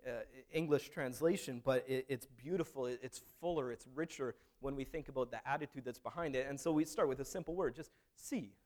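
A man's voice: medium pitch, a little fast, hardly any pauses, a little mellow. A man preaching a sermon in a conversational, storytelling way, with frequent restarts. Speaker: pastor.

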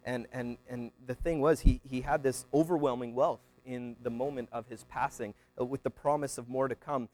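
A man retelling a parable as a story in a relaxed, rambling way, with many fillers and restarts. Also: medium pitch, normal speed, few pauses.

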